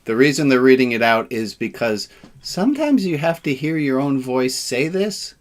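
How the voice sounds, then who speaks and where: A man leading a relaxed, informal service, joking and self-deprecating, with sarcastic asides. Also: mid-range voice, normal speed.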